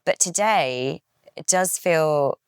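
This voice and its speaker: A woman's voice: low-pitched, slow pace, clean tone, dry recording, studio quality. A woman, an actress guest in an interview, speaking in a reflective, emotional way. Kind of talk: interview answers.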